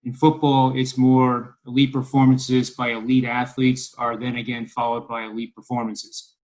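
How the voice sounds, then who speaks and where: A man's voice: mid-range voice, level tone, moderate pace, darkish tone, poor audio. A man from Philadelphia talks through his betting picks in a casual podcast discussion. He rambles with plenty of ums and uhs and slips in wry asides. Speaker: sports betting analyst.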